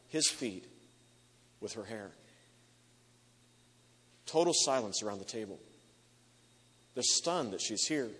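A male preacher delivers an emotive sermon, piling up repeated phrases as he tells the story. His voice sits at an ordinary middle pitch, and long reverb trails off the walls of a large hall. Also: a bit bright, breathy edge.

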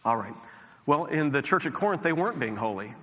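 A man's voice: a little high, very animated, a little fast, pushed and bright. A male pastor preaching a sermon in an earnest, conversational way, often restarting his phrases. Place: large church sanctuary. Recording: long hall reverb.

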